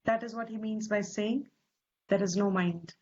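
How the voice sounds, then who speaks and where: A woman teacher with an Indian English accent, explaining scripture slowly and deliberately, stressing Sanskrit terms and posing rhetorical questions. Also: medium pitch, steady tone, darkish tone, husky. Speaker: Vedanta teacher. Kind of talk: slow scriptural class explanation. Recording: slightly dull lo-fi recording.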